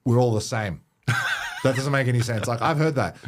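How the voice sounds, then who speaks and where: A man with an Australian accent hosting a casual podcast chat, telling stories with lots of laughter and swearing. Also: medium pitch. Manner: animated, laughing, swearing, quick storytelling. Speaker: podcast host.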